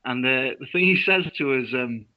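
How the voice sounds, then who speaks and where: A young man co-hosting a show, casually retelling a film plot in a halting, rambling way with restarts. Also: mid-range voice, animated, bright, forceful tone, low-quality recording. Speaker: co-host. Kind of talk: casual chat recapping a film.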